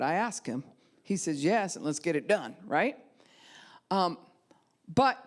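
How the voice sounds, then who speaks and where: Preaching in a deep voice with vocal fry, a woman pastor recounts a scripture story in her sermon. She voices its characters with animation and builds to loud cries at the high points.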